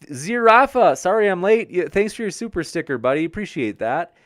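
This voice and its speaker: A man's voice: sits high, expressive, fairly quick, no echo, clean studio sound. A man hosting a debate livestream, reading and answering viewer chat in a friendly, upbeat way and stumbling over viewer names. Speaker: debate show host reading live chat.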